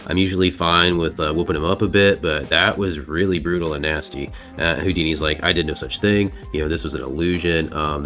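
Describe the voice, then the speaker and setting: A man with an extremely deep, low voice recaps a comic book in loose, rambling narration. He talks casually, full of fillers and the odd swear word, with faint music underneath. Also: a bit bright.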